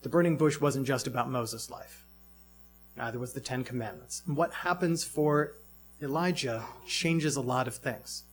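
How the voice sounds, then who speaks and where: A man's voice: medium pitch, normal speed, soft background music. A man preaching a sermon in a reflective way, asking many rhetorical questions.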